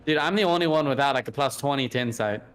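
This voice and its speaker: A man's voice: medium pitch, fast, clear, resonant tone, soft background music. A young man playing a tabletop game, talking casually and thinking aloud with fillers. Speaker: player.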